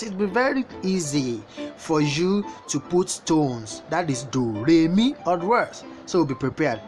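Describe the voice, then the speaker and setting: Woman, language teacher, repeats words slowly, guitar music in the background. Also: on the low side. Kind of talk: language lesson. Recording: guitar music playing behind the voice.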